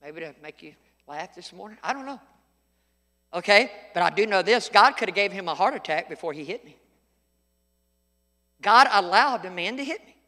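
A man's voice: sits high, expressive, normal speed, pauses often, bright, forceful tone, in a large hall. A middle-aged male pastor preaching a sermon, telling folksy stories with sudden emphatic outbursts.

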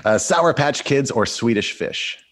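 A man hosting an interview, upbeat and quick to laugh, running a rapid-fire question round. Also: mid-range voice, expressive. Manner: upbeat, laughs often, brisk quiz questions. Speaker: podcast host. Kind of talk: casual interview.

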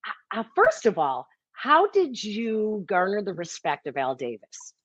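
A woman interviewer asking questions in an animated, openly reacting conversational way. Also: mid-range voice, measured pace, husky, no echo. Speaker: interviewer, host. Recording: dull lo-fi audio.

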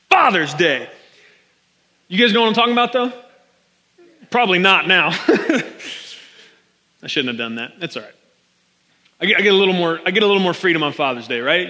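Speaking into a stage mic in a big church hall, a pastor jokes casually with his congregation in a sermon. His voice is on the high side, bright and forceful, and the hall's long reverb carries through.

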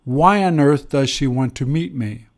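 A man teaching an English grammar lesson, explaining step by step with pauses and fillers. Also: medium pitch. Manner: slow, deliberate, with pauses and fillers.

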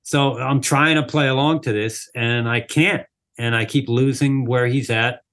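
A man's voice: medium pitch, a little slow. A man, a drummer, guest on an interview, telling a casual story with lots of "like" and "you know" fillers. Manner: animated, acts out quoted people in the story.

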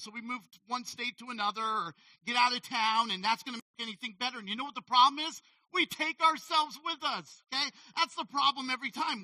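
A man preaching a sermon as a pastor, animated and conversational, often checking in with "okay?". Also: extremely high pitch, brisk, dry recording, far from the mic, low-quality recording.

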